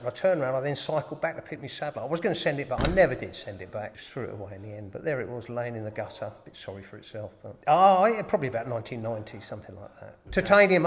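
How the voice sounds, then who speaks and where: A man's voice: medium pitch, in a large hall. An older man telling rambling anecdotes as a guest, laughing at himself now and then.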